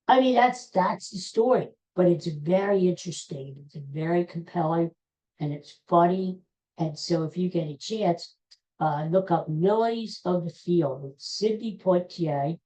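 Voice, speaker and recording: A woman's voice: lowish voice, takes it slowly, mellow, rough recording. A woman hosting a podcast, chatting casually and rambling, often correcting herself and stumbling over names. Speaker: podcast host. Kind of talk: casual solo chat.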